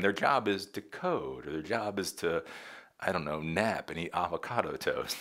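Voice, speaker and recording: Male host, casual commentary, low voice with big swings, sarcastic, laughs a lot. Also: vocal fry. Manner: sarcastic, animated, laughs often.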